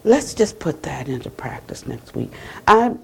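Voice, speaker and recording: An American woman Buddhist teacher giving a conversational dharma talk at a retreat center, retelling conversations and closing with a soft blessing. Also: deep voice, very animated, a little slow, gravelly, slight background noise.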